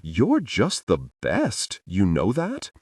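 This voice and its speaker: A man's voice: on the low side, huge pitch swings, slow pace, darkish tone, dry recording, clean studio sound, distant mic, pitched above the performer's own voice, exaggerated voice. A man voicing a giddy, weepy tipsy young man. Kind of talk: audiobook character voice.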